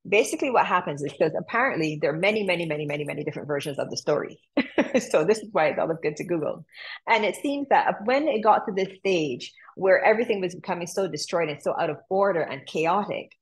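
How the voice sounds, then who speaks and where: A woman's voice: lowish voice, breathy edge, poor audio. A woman yoga teacher telling a story in a chatty, casual way, laughing often, then guiding a practice.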